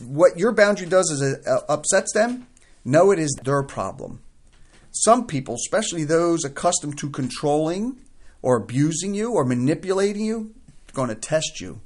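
A man talking through examples in a casual advice chat, excitable and emphatic, often acting out lines people might say. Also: on the high side, normal speed. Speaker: co-host on family recovery.

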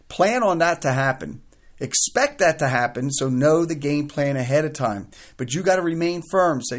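A man talking through examples in a casual advice chat, excitable and emphatic, often acting out lines people might say. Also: fairly high pitch, brisk. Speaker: co-host on family recovery.

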